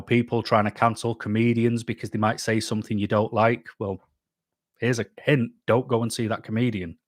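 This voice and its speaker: A man's voice: mid-range voice, dry recording, studio quality. A man hosting a casual live stream, reading out chat comments and answering them bluntly. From England. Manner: blunt, chatty, reads comments aloud then answers. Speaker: YouTube channel host reading live chat.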